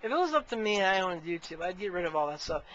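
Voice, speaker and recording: High, bright-voiced man ranting. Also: very animated, fast. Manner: exasperated, rambling. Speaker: video blogger. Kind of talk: casual ranting to camera. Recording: muffled lo-fi audio with faint hiss.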